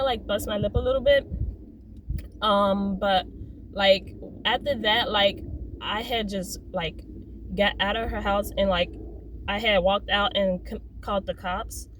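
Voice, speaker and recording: Young woman, casual storytime vlogger, rambling and halting, middle-pitched voice. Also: steady tone, a bit bright, slight background noise, poor audio. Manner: rambling, full of "like" and "um", self-censoring curses.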